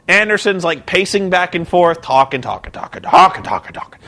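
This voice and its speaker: A man's voice: sits high, sing-song, a little fast, pushed and bright. A young man recapping a show in a rambling, incredulous, sarcastic way. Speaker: vlogger.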